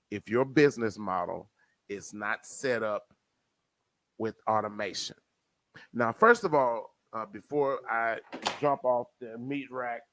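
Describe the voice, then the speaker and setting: A man with a New Jersey accent hosting a casual podcast, addressing listeners as family and swinging between loud and soft. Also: medium pitch, no room sound. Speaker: podcast host.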